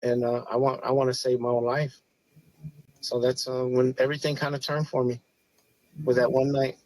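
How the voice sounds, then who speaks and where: A man in his forties, a podcast guest, telling a personal story in an earnest, halting way with frequent restarts. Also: mid-range voice, level tone, a little mellow, no echo, low-quality recording. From Chicago area. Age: 40s. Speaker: podcast guest, former police officer. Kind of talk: personal story, casual talk.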